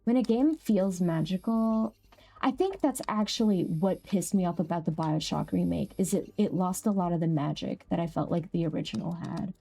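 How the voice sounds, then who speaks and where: A young woman streaming a game, chatting casually with viewers, laughing easily and jumping up high when something amuses her. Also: moderate pace, creaky, mellow, slightly rough. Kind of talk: casual live-stream chat.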